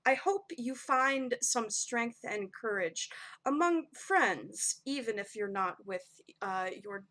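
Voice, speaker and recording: A woman voicing a tall, ancient, clawed goddess grandmother who speaks in a stern, measured, sighing way. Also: a little high, animated, a bit bright. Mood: weary stern.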